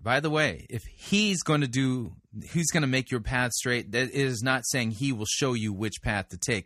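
Man critiquing a sermon, exasperated, bright tone, dry close recording. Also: mid-range voice, normal speed, hardly any pauses, no room sound. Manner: exasperated, disapproving. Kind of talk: commentary on a sermon clip.

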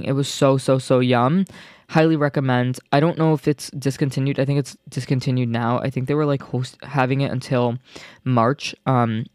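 Young guy rambling on his podcast, super chatty and excitable, mid-pitched, dry close mic. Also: clean tone, no room sound. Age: young adult. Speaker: podcast host. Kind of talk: casual solo podcast chat.

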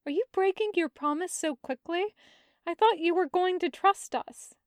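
Teasing, affectionate young man, high and unhurried, read by a woman. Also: no echo, studio quality. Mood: scolding. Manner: coaxing, gently scolding.

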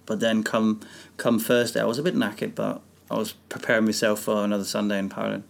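Casting: low-voiced man with gravel, guest recounting his past, loose, self-correcting chat. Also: flat delivery, fast. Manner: rambling, self-correcting storytelling. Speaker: guest, former speedway rider. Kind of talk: casual interview chat.

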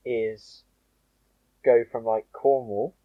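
A man's voice: mid-range voice, steady tone, takes it slowly, no room sound, narrow, tinny audio. A young British man co-hosting a casual podcast who pushes his ideas eagerly on the others. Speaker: podcast co-host. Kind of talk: casual chat.

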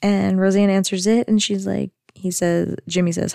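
A woman's voice: medium pitch, little pitch movement, moderate pace, vocal fry, warm tone, no room sound, clean studio sound. A young woman who hosts a podcast, chattily retelling a sitcom episode with lots of "like" fillers. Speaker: podcast host recapping a sitcom. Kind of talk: casual episode recap.

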